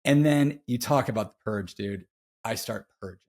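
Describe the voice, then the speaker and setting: A man's voice: on the low side, normal speed, darkish tone. A man guest on a podcast, telling a personal story in a casual, candid way, often saying "dude" and restarting his sentences.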